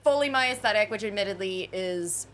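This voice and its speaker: A woman in her thirties co-hosting a podcast in casual chat, excitable and quick to react, with some swearing. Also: medium pitch, slight background noise. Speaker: podcast co-host.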